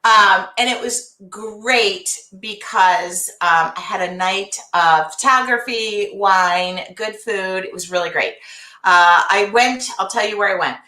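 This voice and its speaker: A woman hosting a casual livestream from her art studio, chatty and greeting viewers by name, her voice jumping high when excited. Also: takes it slowly, roomy sound. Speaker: host.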